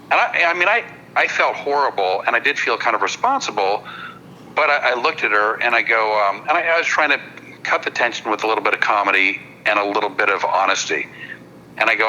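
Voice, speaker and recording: A man with a very bright, sharp-edged voice tells a story as a podcast guest. He stumbles and doubles back on his words as he goes, and a faint noise sits under the recording. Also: lowish voice, expressive, muffled recording. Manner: halting, repeats words while building a story; apologetic, checks in with listeners. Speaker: podcast guest, hypnotist comedian. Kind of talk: casual anecdote-telling on a podcast.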